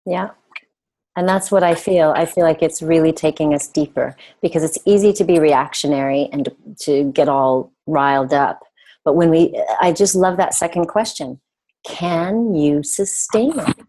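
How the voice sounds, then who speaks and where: A woman's voice: sits low, normal speed, warm tone, poor audio. A woman interviewing a guest in a conversational way, affirming and thoughtful.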